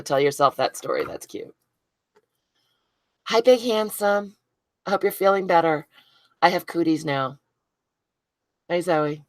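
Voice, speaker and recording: A woman's voice: low voice, no room sound. A woman hosting a live craft stream, chatting casually with viewers by name and poking fun at her own mistakes. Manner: chatty, self-deprecating, talks to viewers by name. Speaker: craft video host.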